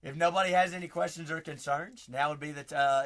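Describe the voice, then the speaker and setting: Hosting a live card break stream, this man speaks quickly with few pauses in a fairly high, raspy voice and fairly even intonation. He chats, gets viewers hyped, and calls out names.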